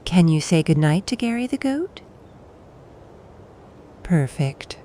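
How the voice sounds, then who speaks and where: Slow, soft-spoken woman reading bedtime stories. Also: fairly low pitch, big pitch swings, slight background noise. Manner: soft and soothing, pausing for the child to answer. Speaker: bedtime story narrator. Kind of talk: gentle bedtime storytelling for toddlers.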